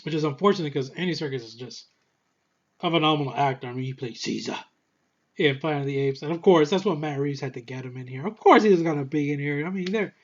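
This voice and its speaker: A man's voice: fairly high pitch, quick pace. Young guy rambling through a movie review, kinda out of breath, cusses a lot, muffled lo-fi audio. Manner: excitable, rambling, swears freely, restarts often. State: short of breath. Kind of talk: casual movie review monologue.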